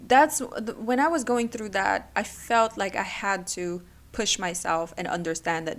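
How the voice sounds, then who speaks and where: A woman's voice: mid-range voice, a bit bright. Tearful young woman podcasting. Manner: emotional, halting, with restarts. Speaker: podcast host. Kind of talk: personal solo podcast.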